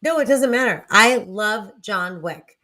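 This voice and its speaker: A young woman gushes excitedly on a casual chat show. She stammers, restarts and swears as she rushes to get her point across. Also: mid-range voice. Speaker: co-host.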